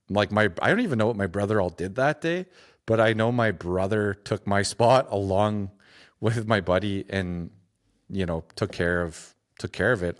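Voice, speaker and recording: A man with a notably deep, low voice, speaking as a podcast guest. He tells a personal story in a halting, reflective way, restarting phrases and leaning on "like" as he goes. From Saskatchewan, Canada.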